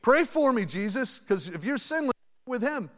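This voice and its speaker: A male pastor with a high voice preaches a sermon at a normal pace in a big church sanctuary, where the large hall's long reverb rings out. His preaching is chatty, animated and conversational, with asides to the congregation.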